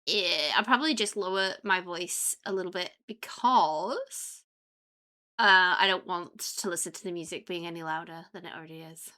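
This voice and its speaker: A woman's voice: normal speed, sharp tone. A woman streaming live and chatting casually with her viewers, giggly and chatty. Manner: chatty, giggly, talks to her pets in a high cooing voice. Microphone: headphones with desk mic.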